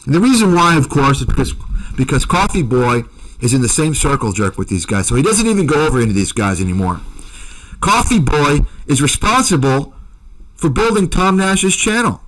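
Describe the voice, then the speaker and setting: A man's voice: on the high side, very animated, normal speed, low-quality recording. A man hosting a commentary channel, delivering a combative, accusatory rant to his viewers that is full of repeated insults.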